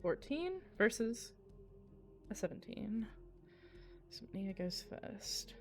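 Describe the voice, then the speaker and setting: A woman's voice: medium pitch, big pitch swings, takes it slowly, faint music behind. A woman narrating a tabletop game as game master, casual and swearing freely.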